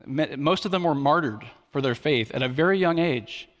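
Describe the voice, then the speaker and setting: A man's voice: a little high, lively intonation, moderate pace, a bit bright. A middle-aged male pastor preaching a sermon in a conversational, earnest way, with light humor and frequent restarts. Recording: long reverb of a large hall.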